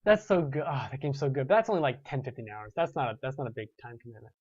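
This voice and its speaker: A man's voice: medium pitch, fast talker, a little mellow, slightly rough, dry recording, lo-fi sound. A man in his twenties hosting a gaming show, chatting casually and rambling with restarts while reading viewer comments. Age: 20s.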